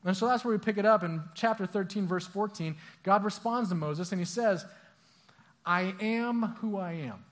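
Young pastor with a high, lively voice; relaxed sermon delivery, slips into acted voices. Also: male voice, brisk, few pauses. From Southern California. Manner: casual, animated, acts out voices, stammering restarts.

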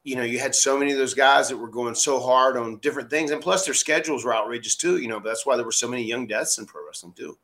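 A man who hosts a podcast, telling a story in a casual, animated way, acting out what other people said and often restarting his sentences. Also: mid-range voice, fast, few pauses. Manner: animated, acts out quoted voices, frequent restarts. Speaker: podcast host, former wrestler.

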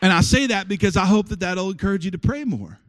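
Male pastor, high voice, lively sermon delivery with call-and-response to the congregation. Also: fast. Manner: animated preaching with call-and-response. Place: church sanctuary with congregation.

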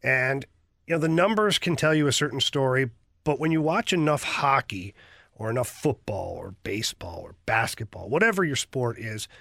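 A man's voice: medium pitch, expressive, normal speed, creaky, a bit bright, dry recording, studio quality. A man hosting sports talk radio, chatting with a co-host and reading listener voice messages in a joking way.

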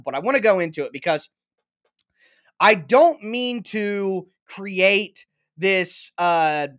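A man's voice: high-pitched, fairly bright tone. A man hosting a sports talk show, making his case emphatically with repeated punchy lines and everyday analogies. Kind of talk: opinionated sports commentary.

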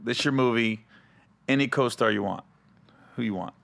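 A man's voice: mid-range voice, normal speed, vocal fry. A young man hosting a casual chat, telling stories animatedly, swearing and acting out the people in them. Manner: animated storyteller, acts out voices, swears, laughs often. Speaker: podcast host.

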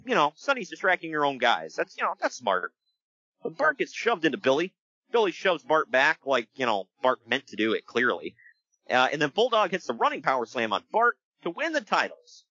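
Guy hosting a chatty podcast, bouncy animated voice, bright tone, kinda lo-fi sound. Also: on the high side, moderate pace, no room sound. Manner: animated storyteller, laughs often, breaks into voices. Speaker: podcast host recapping wrestling. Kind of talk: casual chat.

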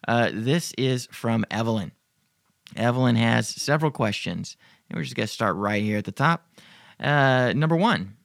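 Male podcast host, gravelly voice, dry close sound, swears freely while reading listener emails. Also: mid-range voice, lively intonation, normal speed, a bit bright, dry recording. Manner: profane, rambling, joking. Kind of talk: casual Q&A chat.

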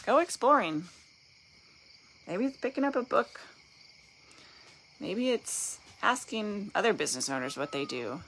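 A woman's voice: mid-range voice, fairly bright tone, a little hiss or hum. A woman with a Southern accent, a business owner talking casually and candidly on a phone livestream, rambling and poking fun at herself. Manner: candid, rambling, self-deprecating. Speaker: painting business owner guest host.

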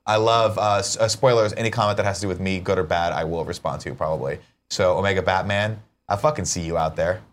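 A man hosting a morning show with quick, joking, profane banter in casual live-stream chat. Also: low voice.

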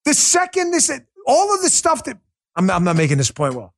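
A man's voice: extremely high pitch, huge pitch swings, a little fast, fairly bright tone. A man hosting a livestreamed political commentary show, talking in a combative, sarcastic rant. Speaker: political talk show host.

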